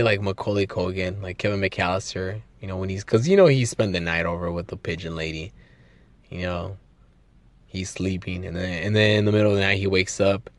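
This solo podcast host is a young man with a fairly low voice, recorded with no echo. His talk is excitable, casual, and full of swearing and restarts, and his voice shows some strain from long talking.

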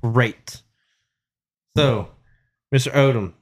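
A man's voice: mid-range voice, extremely slow. A man hosting a podcast in casual, teasing chat. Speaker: podcast host.

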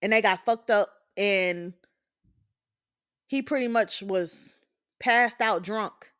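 A woman's voice: mid-range voice, slow, a bit bright, clean tone. A woman in her twenties hosting a show, giving a candid, blunt and profane opinion monologue. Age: 20s. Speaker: podcast host.

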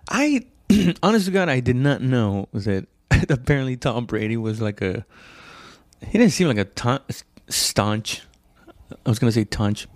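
A low-voiced man tells a loose, profane comedy story and keeps mocking himself along the way. The sound is dry and close, with no room around it. Whenever he quotes someone, his voice jumps up high. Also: a little mellow, no echo. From immigrant to the United States. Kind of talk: casual storytelling stand-up.

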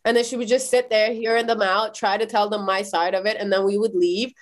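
A woman from Iran in her thirties, a podcast guest telling personal stories in a lively, quick way with many "like" fillers. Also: mid-range voice. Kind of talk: animated personal storytelling in a podcast interview.

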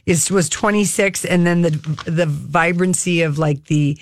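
A woman co-hosting a radio show, chatting casually and telling stories with animated energy. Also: fairly low pitch, unhurried, no echo, studio quality. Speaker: radio co-host.

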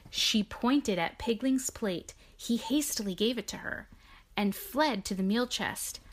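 A woman reading a children's storybook aloud with long pauses, stopping to explain the story in casual chat. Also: on the high side.

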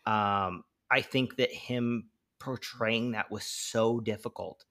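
A man's voice: fairly low pitch, fairly even intonation, takes it slowly, fairly bright tone. A man co-hosting a casual film-review podcast, talking bluntly and opinionatedly with many fillers. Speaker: podcast co-host.

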